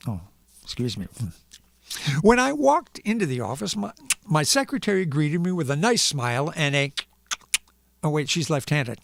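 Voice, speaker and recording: Guy reading a funny story on his stream, kinda high voice, makes little noises for punctuation, super animated. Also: moderate pace, gravelly, long pauses, no room sound. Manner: playful storyteller making sound effects for punctuation. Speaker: musician hosting a live stream. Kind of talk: comedic reading on a live stream.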